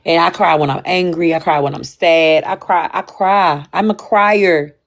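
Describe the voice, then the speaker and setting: Low-voiced candid woman livestreaming. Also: fairly even intonation, unhurried. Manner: candid, repetitive, emphatic with frequent restarts. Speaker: livestream host. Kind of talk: casual livestream chat.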